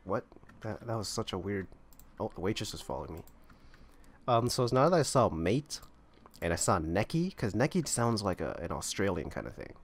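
Man, gameplay commentary, rambling, thinking aloud, lowish pitch. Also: sing-song, normal speed. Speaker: gamer playing online roleplaying servers.

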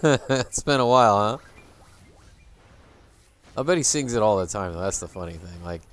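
A man's voice: on the low side, expressive, moderate pace. A man streaming a game, muttering sarcastic, swearing asides as he plays. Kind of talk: casual gameplay commentary.

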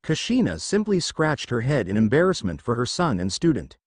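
Animated male fanfiction narrator. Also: mid-range voice, moderate pace, slightly rough, dry recording, clean studio sound. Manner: steady storytelling read from text.

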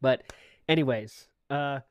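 A man hosting a comedy podcast, chatting casually with excitable, laughing banter. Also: mid-range voice, slow, clean tone, dry recording, clean studio sound. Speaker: podcast host.

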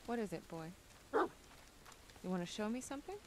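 A wary young medium, voiced by a woman, speaks softly and evenly in a video game. Her gentle tone stays low-key even when she talks to a dog. A clear layer of game noise runs behind her. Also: normal speed, close to an everyday voice, poor audio. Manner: soft, gentle talk to a dog.

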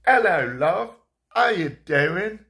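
A man voicing his old grandfather from London, greeting in a slow, chummy London accent. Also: high voice, lively intonation, bright, forceful tone, pitched above the performer's own voice, full character voice. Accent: London English. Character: old male London grandfather, smoker, jovial.

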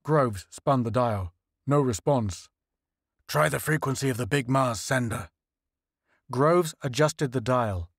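A male narrator reading a science fiction story in an even, measured voice at a middle pitch. The recording is dry and close, with no room sound. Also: dry recording. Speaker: audiobook narrator. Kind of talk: scripted narration.

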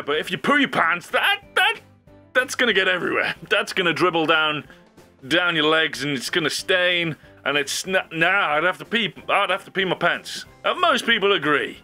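A man's voice: fairly high pitch, normal speed, soft background music. A young man hosting his own video, talking casually and rambling with frequent laughs. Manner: animated, rambling, laughs often. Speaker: YouTube host. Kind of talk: casual solo commentary.

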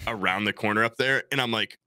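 A man's voice: lowish voice, quick pace, sharp tone, smooth, no room sound. A young man co-hosting a comedy podcast, telling a crude, rambling story in casual chat. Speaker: podcast co-host.

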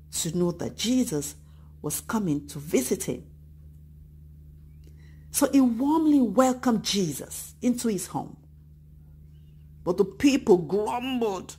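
A woman teaching a children's church lesson, retelling a Bible story and acting out the voices of excited children and grumbling crowds. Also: mid-range voice, husky. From Nigeria. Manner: animated, acts out voices of children and Bible figures.

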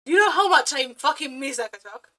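Bright, high-pitched excitable woman. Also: a little fast. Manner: excitable, swears a lot, laughs often, non-native phrasing. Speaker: streamer reacting to a video. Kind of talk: casual reaction commentary.

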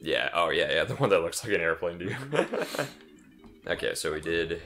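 A man's voice: low-pitched, big pitch swings, moderate pace, bright, forceful tone, soft background music. A man co-hosting a video game playthrough, goofy and laughing often in casual commentary. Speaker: let's play co-host.

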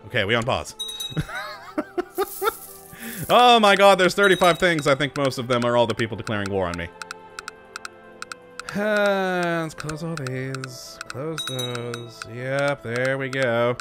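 A man's voice: mid-range voice, animated, slow, pauses often, a bit bright, soft background music. A man commenting on his own strategy game, frantic and self-mocking, often talking straight to his troops. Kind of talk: let's play commentary.

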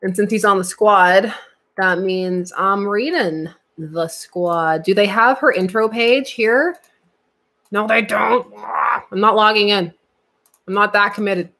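A woman's voice: medium pitch, takes it slowly, a bit bright. A woman hosting a live comics stream, chatting casually with viewers, giggling often and thinking aloud while she looks things up at her computer. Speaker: comics channel host answering live chat.

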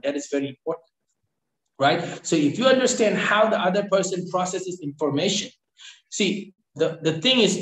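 A man from Northeast India giving a training lecture. He repeats key phrases and keeps checking in with "right?". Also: a little high. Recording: echoey room.

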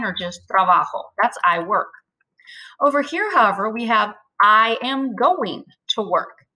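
A woman teaching a step-by-step grammar lesson, explaining patiently and slowing down to spell out words. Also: a little high, sharp tone, poor audio. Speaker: Spanish teacher. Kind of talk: screen-share grammar lesson.

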